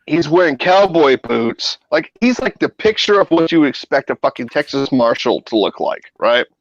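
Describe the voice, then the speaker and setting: A man's voice: on the high side, moderate pace, no echo, highs cut off. A man guest on a live stream, telling a wild anecdote with constant swearing. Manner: profane, animated anecdote telling. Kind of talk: casual storytelling on a live stream.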